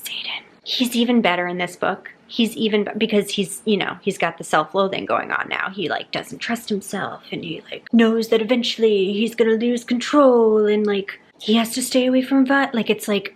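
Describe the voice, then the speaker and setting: A young woman vlogging about a book she is reading, gushing and animated as she acts out characters' lines in a casual chat. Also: medium pitch, moderate pace.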